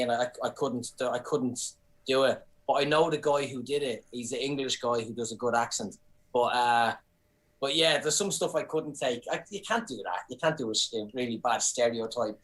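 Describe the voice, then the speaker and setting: A man with an Irish accent, a comedian and actor chatting on a podcast, telling lively anecdotes with frequent restarts. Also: medium pitch, normal speed, poor audio. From Ireland. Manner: animated storyteller, many restarts. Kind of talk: casual podcast chat.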